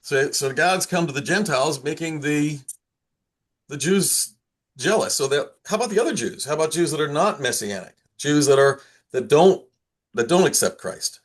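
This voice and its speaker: A man's voice: a little high, animated, normal speed. A man, a priest, leading an informal Bible study in a conversational way, with many restarts and repeated words, and acting out quoted voices now and then.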